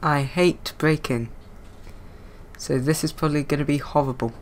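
A man's voice: on the high side, steady tone, moderate pace, a little hiss or hum. A man giving dry, self-mocking let's-play commentary as a gaming YouTuber.

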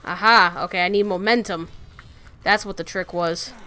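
A woman playing through a video game, reacting out loud with emotional exclamations in casual commentary. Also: lowish voice, steady tone, moderate pace. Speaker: let's play gamer.

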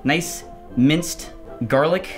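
A man's voice: fairly high pitch, very slow, faint music behind. A man hosting his channel, chatting casually and bluntly with lots of swearing and teasing. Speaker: channel host. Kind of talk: casual chat while taste-testing.

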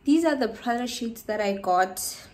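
A woman from South Africa filming a casual haul vlog at home, tired and short of breath, chatty and excitable, sometimes dropping to a whisper. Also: a little high, a little slow. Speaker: vlogger.

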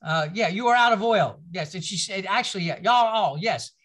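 A church history teacher gives a loose, conversational lecture, drifting into stories and asides and often restarting sentences. The voice is bright and forward, sitting at an ordinary middle pitch. It sounds like a class held in a church room. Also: brisk. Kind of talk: informal lecture with anecdotes.

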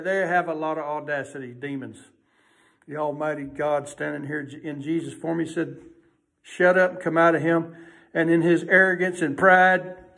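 A male preacher with a notably high voice. He preaches in a folksy, emphatic way, rising to loud bursts and dropping to hushed asides. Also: vocal fry. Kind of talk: sermon.

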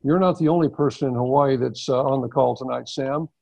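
A man who hosts a massage-therapy teaching webinar, explaining in a measured way with pauses, heard over a video call. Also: mid-range voice, creaky, a little mellow, dry recording. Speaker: massage instructor hosting a webinar. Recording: dull lo-fi webinar audio.

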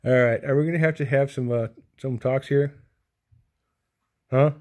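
A man filming his cats at home on his lap, chatting softly and affectionately to them and his viewers in a casual way. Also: medium pitch, brisk. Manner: soft, affectionate, talks to the cats in baby talk. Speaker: cat owner vlogger. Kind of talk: casual home video chat to pets and viewers.

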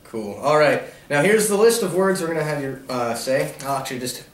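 A man's voice: on the high side, lively intonation, fairly quick. Friendly man asking questions, echoey. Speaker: interviewer. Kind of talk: casual interview. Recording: echoey room, far from mic.

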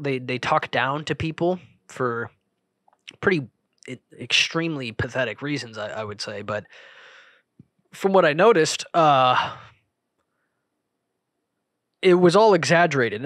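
A young man hosting a solo podcast, rambling and interrupting himself, jumping between loud remarks and mumbled asides. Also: fairly high pitch, no echo. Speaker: podcast host.

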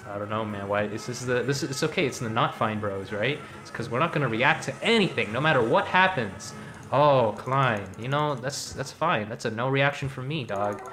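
Young male streamer, joking banter, filler-heavy, mid pitch, faint music under. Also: normal speed, bright, forceful tone. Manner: joking, rambling, many fillers, slangy. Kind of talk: casual gacha stream commentary.

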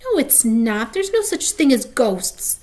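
A woman's voice: fairly high pitch, very animated, measured pace, a little mellow. Woman doing a bossy schoolgirl, haughty, insistent, storybook. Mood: indignant. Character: bossy second-grade girl.

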